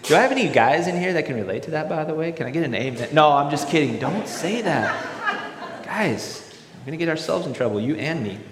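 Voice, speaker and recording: Casual, animated male preacher; roomy, long-reverb hall sound. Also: a little high, fairly quick, background noise. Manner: animated, acts out voices in examples. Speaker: pastor. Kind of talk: sermon.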